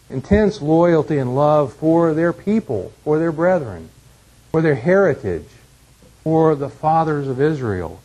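Husky man teaching a Bible class. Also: mid-range voice, dark tone, poor audio. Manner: measured, frequent restarts and fillers.

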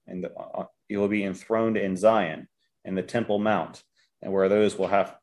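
A man's voice: sits low, a little mellow. A man leading a Bible study, reading scripture aloud and explaining it verse by verse. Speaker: Bible teacher.

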